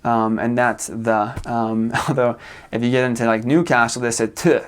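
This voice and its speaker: A young man talks to the camera in a casual vlog. His voice sits at an ordinary middle pitch, and he rambles loosely. His talk is full of fillers and soft laughs. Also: fairly even intonation, normal speed, clean tone. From United States. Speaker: vlogger. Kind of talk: casual chat.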